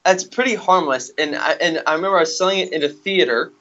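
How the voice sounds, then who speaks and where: A man in his twenties co-hosting a podcast, telling stories in casual chat, animated and laughing often. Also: a little high, fast talker, dull audio. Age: 20s. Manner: animated storyteller, laughs often, says "dude" and "yo". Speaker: podcast co-host.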